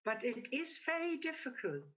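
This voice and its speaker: A woman giving a reflective talk in a measured, gently explanatory way. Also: sits high, sing-song, dull audio. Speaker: speaker. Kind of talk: reflective talk with a told joke.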